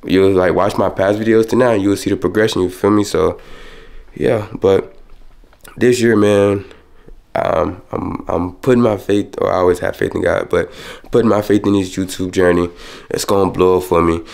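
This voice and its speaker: A young man chats straight to camera from home, rushing his words and filling them with casual slang. His voice sits low and carries a gravelly rasp. The talk runs quick and loose. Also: steady tone, a little mellow. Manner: talks fast and rushes his words; loose, slangy, peppered with "you feel me". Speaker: vlogger. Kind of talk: casual vlog chat to camera.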